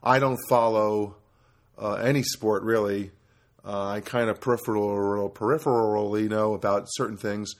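A man's voice: on the low side, fairly even intonation, normal speed. A middle-aged man from New Jersey hosting a casual solo podcast from his apartment, rambling and interrupting himself as he tells stories. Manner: rambling, self-interrupting storyteller. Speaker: podcast host. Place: studio apartment.

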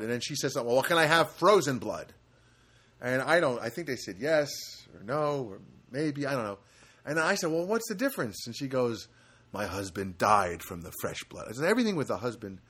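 A man's voice: mid-range voice, a bit bright. Rambling, wry middle-aged man. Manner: rambling, wry, joking asides, frequent restarts. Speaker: storyteller. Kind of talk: casual anecdotal monologue.

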